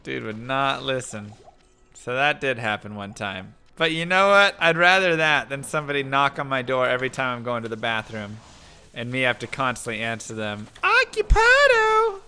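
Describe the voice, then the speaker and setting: A man's voice: medium pitch, normal speed, slight background noise. A man hosting a live game stream, chatting casually and telling stories with frequent laughter. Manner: animated, laughing, storytelling. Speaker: livestream gamer host. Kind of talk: casual chat while gaming.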